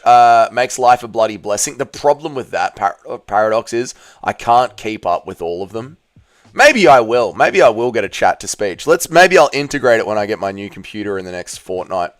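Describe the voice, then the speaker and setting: Aussie guy streaming, reading out chat, chill and sweary, smooth clean voice. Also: medium pitch. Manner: laid-back, swears freely, reads chat aloud and reacts. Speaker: livestream host. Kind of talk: casual livestream chat reading viewer comments.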